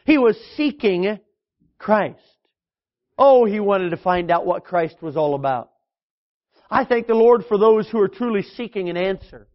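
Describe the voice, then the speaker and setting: A man's voice: high-pitched, animated, measured pace, long pauses, muffled recording. A man, a pastor, preaching a sermon in an emphatic style, with frequent fillers and restarts.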